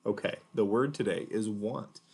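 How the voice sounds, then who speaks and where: A man's voice: on the low side, moderate pace, a little mellow. A man teaching a word to children with a puppet, patient and encouraging. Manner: patient, encouraging, clearly spoken. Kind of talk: speech lesson for children.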